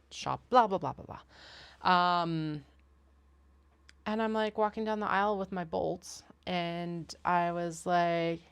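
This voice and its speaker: A woman chatting casually on a livestream, rambling and laughing often. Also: fairly low pitch. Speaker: craft business owner.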